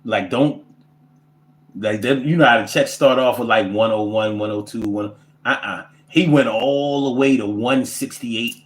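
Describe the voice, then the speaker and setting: A man, telling comic stories and reading viewer comments in a profane, animated, rambling way. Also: mid-range voice, unhurried, reverberant. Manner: animated, profane, rants with repetition. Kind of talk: casual comedic storytelling.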